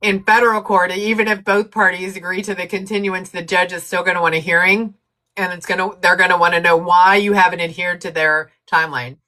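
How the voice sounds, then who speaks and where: Bright-voiced woman telling stories on a live chat. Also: on the low side, fairly even intonation. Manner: storytelling, laughs often, quick asides to the chat. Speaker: co-host. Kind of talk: casual live-stream chat.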